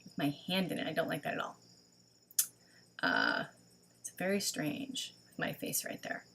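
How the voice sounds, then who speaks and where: A woman leading an online spiritual gathering over a webcam, talking casually and thinking aloud with many pauses and ums. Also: sits low, huge pitch swings, gravelly, a bit bright. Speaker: online service leader. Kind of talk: online livestream teaching.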